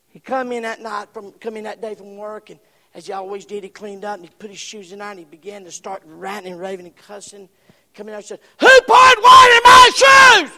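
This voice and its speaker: A man preaching a sermon, impassioned, swinging from shouts to hushed whispers. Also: high-pitched, long reverb tail.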